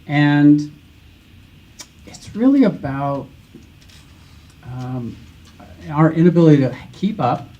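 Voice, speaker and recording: Mellow, animated man answering on a panel. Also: a little high, takes it slowly, pauses often, highs cut off. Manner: thoughtful, restarts sentences. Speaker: panel speaker.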